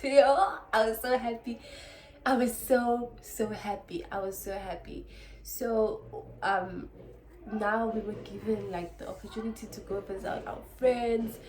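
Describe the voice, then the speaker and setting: A young South African woman tells a story to her camera in a chatty, animated way, switching between languages now and then. Her voice sits at a middle pitch, and the room around her echoes, with a faint hum of ambience underneath. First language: Xhosa. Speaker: vlogger. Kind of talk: casual storytime.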